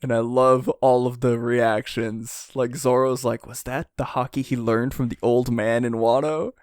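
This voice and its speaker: A young man on a podcast, excitable and laughing often, with a mid-pitched voice and a dry, close sound. He swears casually as he talks. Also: a little slow, smooth, dry recording. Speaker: podcast co-host. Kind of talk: casual chat.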